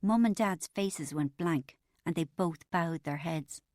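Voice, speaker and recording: A woman narrating an audiobook in the first person, wry and expressive. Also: lowish voice, slow, no echo, studio quality.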